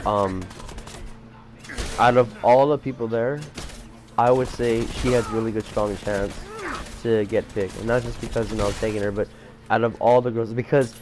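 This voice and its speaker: A man's voice: on the low side, steady tone, normal speed, pauses often, darkish tone, slight background noise. Rambling teenage boy telling a story. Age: teens. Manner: rambling, many fillers like "you know" and "like". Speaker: vlogger. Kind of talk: casual storytelling vlog.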